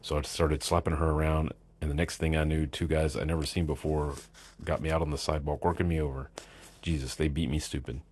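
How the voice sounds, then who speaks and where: A man's voice: a bass voice, flat delivery, a little fast, a little mellow, breathy edge. A man reading as a rowdy drunken biker. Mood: boozy rambling. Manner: profane, rambling, laughing. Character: rowdy drunk middle-aged male biker.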